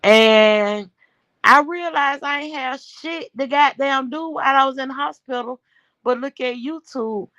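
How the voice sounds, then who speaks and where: A woman's voice: sits high, measured pace, sharp tone, no echo, dull audio. A woman hosting a livestream, brash and profane, talking straight to her chat and sounding winded and worn-voiced. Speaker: livestream host.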